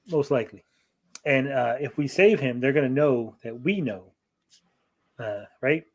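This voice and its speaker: A man co-hosting a podcast, casually recapping a TV episode in a profane, rambling way and briefly acting out the characters. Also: mid-range voice. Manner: profane, rambling, acts out characters in quick asides. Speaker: podcast co-host.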